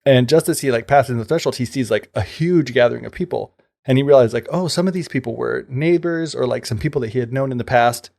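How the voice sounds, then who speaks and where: A man with a gravelly, creaky voice retells an old tale on a podcast. He keeps it loose and conversational, padding his story with fillers and paraphrasing what the characters say. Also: medium pitch, quick pace, a little mellow. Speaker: podcast co-host. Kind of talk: casual retelling of a folk tale.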